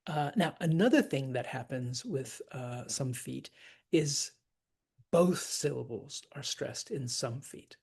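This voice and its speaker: Woman, teacher, casual verse lecture, breathy, unhurried, chatty. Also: low voice, dark tone. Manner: chatty, frequent fillers, laughs often.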